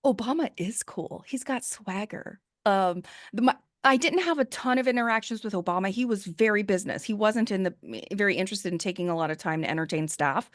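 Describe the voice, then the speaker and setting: A woman speaking as an interview guest, telling a personal story candidly and with animation. Her voice sits at a mid pitch, and it is recorded dry, with no room sound around it. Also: fairly quick, dry recording.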